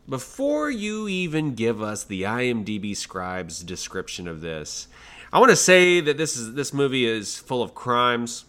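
A man co-hosts a casual chat, his pitch swinging widely. He rants about things in playful mock outrage. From American South. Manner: animated, mock-outraged ranting. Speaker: podcast co-host. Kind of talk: casual chat reacting to movie trailers.

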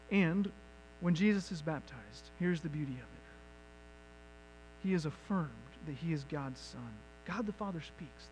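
A man with a high voice preaches a sermon as pastor. He shifts from soft, reflective lines to loud, pressing questions. A faint electrical hum sits under the recording. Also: low-quality recording. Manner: builds from quiet reflection to loud emphatic questions.

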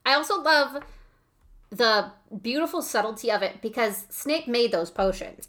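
A woman's voice: medium pitch, a bit bright. A woman in casual conversation, enthusiastically talking through her ideas about a book, with lots of fillers. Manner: enthusiastic, analytical, many fillers. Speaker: podcast co-host.

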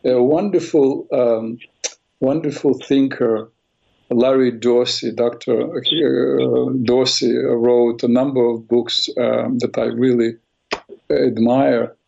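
Gravelly, mellow-voiced man hosting call-in radio. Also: mid-range voice, takes it slowly, muffled recording. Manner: calm, affirming listener with many fillers. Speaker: radio call-in host, mental health practitioner.

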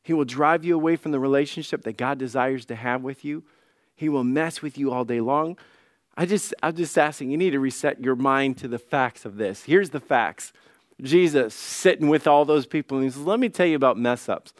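A male lead pastor preaching a sermon with passion, swinging between soft pleading and loud declarations, and acting out the voices in the story he tells. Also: medium pitch, moderate pace, no echo, studio quality. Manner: acts out quoted voices in his telling.

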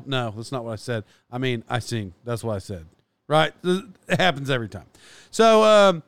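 Forties guy rambling on his podcast, kinda high voice, smooth and dry, laughs at himself a lot. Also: a bit bright, no room sound. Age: 40s. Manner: self-deprecating, chatty, many fillers and restarts. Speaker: podcast host. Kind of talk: casual rambling monologue.

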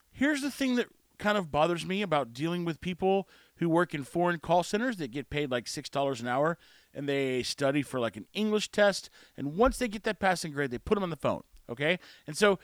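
Recorded clean in the studio with no room sound, a podcast host with a slightly high voice and lively intonation rants at a moderate pace. He gets worked up and exasperated recounting a frustrating day, telling it repetitively with quoted dialogue.

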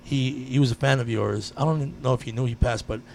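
A man in casual chat, telling a personal story with lively energy and frequent swearing. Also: medium pitch, fast talker, creaky, slight background noise. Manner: animated storyteller, swears freely.

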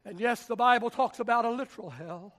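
A pastor preaching a sermon in a church, with a dramatic, repetitive cadence that swings from shouting to hushed whispers. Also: male voice, very high-pitched, a little fast. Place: church sanctuary.

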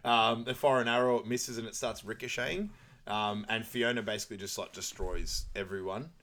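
A young man talks through a film scene by scene in a relaxed podcast chat. His voice sits a little low, and he laughs easily. He drops into quick impressions of the characters. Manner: laughs often, quotes characters in high put-on voices. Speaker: podcast co-host. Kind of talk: casual film recap chat.

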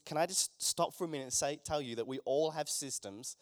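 A man's voice: a little high, fast, few pauses, no room sound, clean studio sound. A man preaching a conversational sermon, with joking asides to the congregation in a church. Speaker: pastor.

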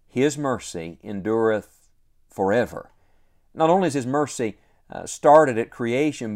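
A man with a medium-pitched, slightly mellow voice preaches a devotional sermon. He's earnest and emphatic, repeating key lines and drawing out their final words slowly.

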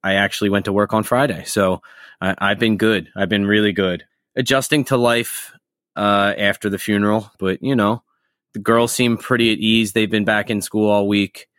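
Casting: low-voiced male co-host, relaxed and rambling, dry close sound. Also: moderate pace, no room sound. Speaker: podcast co-host. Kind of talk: casual podcast chat.

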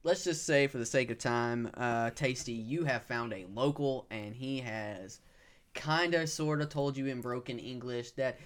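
A man hosting a podcast and acting as game master, talking in a relaxed, rambling way with lots of fillers. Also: medium pitch, measured pace. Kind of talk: casual ad read and game narration.

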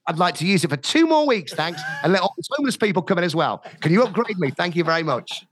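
A man's voice: sits high, quick pace, a crowd in the background. A middle-aged man, a radio DJ and podcast guest, telling anecdotes and acting out other people's lines with bursts of laughter. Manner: animated, acts out quoted dialogue with laughs. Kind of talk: anecdotal storytelling.

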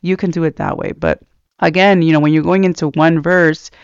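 A man's voice: on the high side, fairly even intonation, a little fast, gravelly, clear, resonant tone, no room sound. A man giving a casual, rambling devotional talk about reading scripture, earnest, with many fillers. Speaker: Christian speaker. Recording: dull lo-fi sound, dry.

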